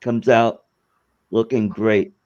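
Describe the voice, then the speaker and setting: A man talking casually about flying drones, hesitant and halting. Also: on the low side, level tone, darkish tone. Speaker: guest drone pilot. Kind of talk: casual chat. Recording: dull lo-fi audio.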